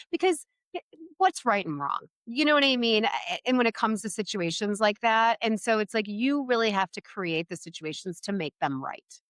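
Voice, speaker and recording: A woman talking as a podcast guest, giving parenting advice in an animated, chatty way full of "like" and "right?". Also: mid-range voice, normal speed, dry recording, clean studio sound. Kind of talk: casual interview conversation.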